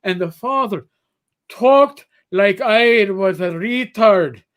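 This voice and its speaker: A man's voice: high-pitched, lively intonation, takes it slowly, a bit bright. A middle-aged man co-hosting a livestream, telling rambling stories with swearing and many restarts. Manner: rambling storyteller who swears and restarts a lot. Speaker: livestream co-host. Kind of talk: casual chat.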